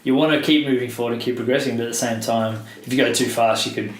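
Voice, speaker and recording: A man's voice: mid-range voice, steady tone, quick pace. A man hosting a podcast, chatting casually, agreeing often and swearing freely. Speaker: podcast host. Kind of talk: casual chat. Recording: echoey room with faint noise.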